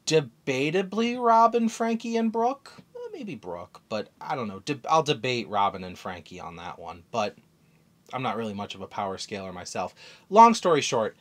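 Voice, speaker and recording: Casual male recap host, lively pitch, rambling and self-correcting. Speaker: comic chapter recap host.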